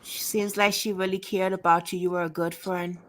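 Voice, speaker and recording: A woman's voice: lowish voice, flat delivery, fairly quick, a little hiss or hum. A woman hosting a casual interview, encouraging her guest and laughing along. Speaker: interviewer, channel host.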